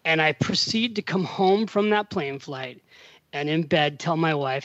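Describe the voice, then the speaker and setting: A man's voice: a little high, unhurried, no echo, highs cut off. A middle-aged man, a podcast guest, telling a long story in casual conversation and acting out the voices of the people in it. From United States. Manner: animated storyteller, acts out quoted dialogue. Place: home in Italy.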